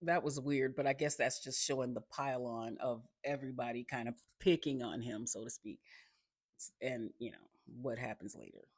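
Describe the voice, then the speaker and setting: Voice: mid-range voice, moderate pace, husky, no room sound, studio quality. A speaker casually recapping a TV episode, rambling, correcting themselves and adding chatty asides to the listener.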